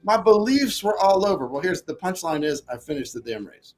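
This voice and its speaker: A man with a fairly high voice tells a personal story in a casual interview. He talks in an animated way and acts out what he was thinking back then. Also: a little fast. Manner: animated, acts out his own past thoughts. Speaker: podcast guest.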